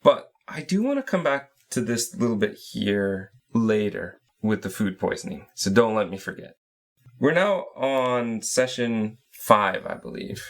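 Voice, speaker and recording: A man's voice: fairly low pitch, sing-song, unhurried. A man co-hosting a podcast, casually walking through a story game point by point and laughing along. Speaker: podcast co-host.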